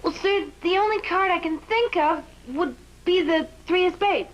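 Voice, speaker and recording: An actress in a 1960s sitcom playing a wisecracking, ditzy Navy Wave. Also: female voice, extremely high pitch, normal speed, highs cut off. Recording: noisy old TV soundtrack.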